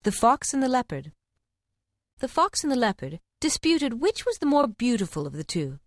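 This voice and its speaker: A woman narrating fables for an audiobook in a measured, expressive reading. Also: on the high side, no room sound, clean studio sound. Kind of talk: scripted storybook narration.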